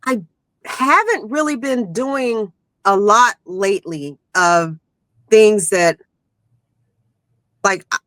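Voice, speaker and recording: A woman's voice: medium pitch, expressive, slow pace, pauses often, fairly bright tone, no echo. A woman guest talking casually about her work, rambling with lots of "you know" and "like". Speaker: guest, magazine owner. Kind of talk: casual chat.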